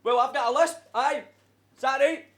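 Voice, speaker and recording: A Scottish man battle rapping, taunting his opponent and shouting at the crowd. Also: very high-pitched, normal speed. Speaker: battle rapper. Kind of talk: rap battle verses over crowd. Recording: loud live crowd around him.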